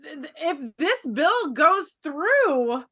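A woman's voice: sits high, sing-song, takes it slowly, a bit bright. A woman co-hosting a podcast, chatting in a jokey, self-deprecating, profane way. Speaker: podcast co-host. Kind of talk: casual podcast chat.

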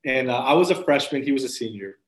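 A man, a podcast guest, earnestly telling his personal faith testimony as a story, with restarts and soft laughs. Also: mid-range voice, animated, fast. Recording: roomy echo.

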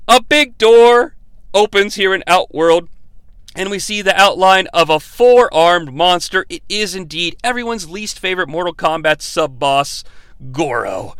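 A man's voice: high-pitched, animated, a little slow, fairly bright tone, clean tone, dry recording. A man hosting a comedic bad-movie review, ranting sarcastically and swearing a lot.

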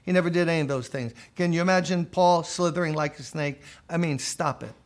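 A man's voice: a little high, a little fast. A man preaching a sermon in an emphatic way, firing rhetorical questions and dropping mocking asides.

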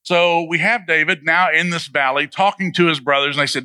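Preacher guy telling the story loose and joking, super bright crisp voice, kinda high, dry close sound. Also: steady tone, brisk, no echo. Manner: casual, humorous, asks the audience questions. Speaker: pastor. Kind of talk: sermon, conversational storytelling.

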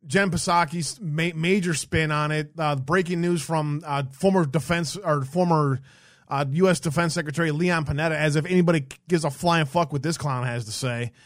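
A man's voice: on the high side, moderate pace, no echo, clean studio sound. A man co-hosting a casual political livestream, reading headlines aloud and mocking them with sarcastic, profane asides. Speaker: podcast co-host.

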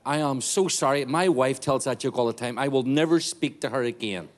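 A middle-aged guest missionary from Northern Ireland, speaking with a Northern Irish accent, preaches a fervent sermon full of jokes to a church congregation. His voice is mid-range and brisk.

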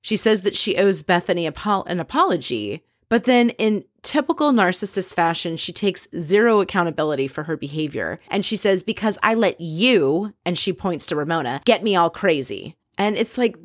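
A woman's voice: mid-range voice, no room sound, studio quality. A woman casually recapping a reality show episode, opinionated and candid, swearing freely as she quotes what others said.

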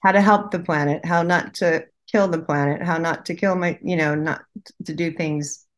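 Low-pitched woman, earnest, halting, repeats herself in casual chat. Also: steady tone. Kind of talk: casual conversation.

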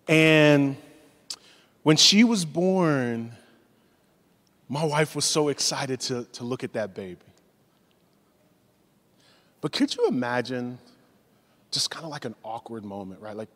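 A man in his forties preaching a sermon, telling stories in a lively way and acting out the voices of the people in them. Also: medium pitch. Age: 40s. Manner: animated storytelling, acts out voices. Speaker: pastor. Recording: long hall reverb.

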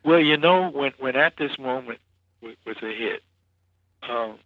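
A man's voice: medium pitch, measured pace, dull audio. A man guest, a musician, telling stories in a casual interview, rambling with many restarts and "you know"s. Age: 40s or older.

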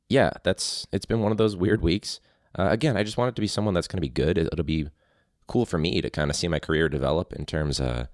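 Teacher guy hosting a podcast, deep voice, rambles and laughs, dry sound. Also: darkish tone, dry recording. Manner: rambling, laughing, self-interrupting. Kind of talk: casual solo podcast chat.

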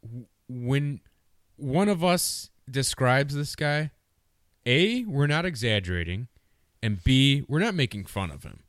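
A man's voice: mid-range voice, sing-song, a little slow, fairly bright tone, no echo, studio quality. A man co-hosting a podcast, telling a story in loose, profane casual chat and laughing often. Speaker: podcast co-host.

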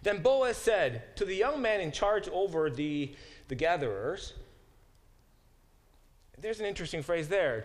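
A man's voice: on the high side, lively intonation, moderate pace. A middle-aged man teaching a Bible study class. He reads scripture aloud, stops to explain Hebrew words, and often corrects himself as he goes.

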